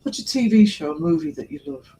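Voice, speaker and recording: A man's voice: high voice, sing-song, quick pace, warm tone, a little hiss or hum, poor audio. A man hosting a livestream, chatting casually with viewers and laughing often. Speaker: livestream host. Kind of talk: casual livestream chat reading comments.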